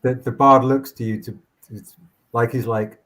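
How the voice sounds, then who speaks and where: A man's voice: medium pitch, fairly even intonation, fairly bright tone. A man narrating as game master in a tabletop game, rambling with frequent restarts. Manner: rambling, halting, many restarts.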